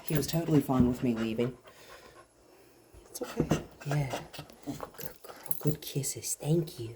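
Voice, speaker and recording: A woman dog trainer explains her work while handling a dog, her voice low and dark. She speaks calmly and at times softly to soothe the animal. Faint noise and dog sounds sit behind her. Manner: soothing, soft talk to the dog.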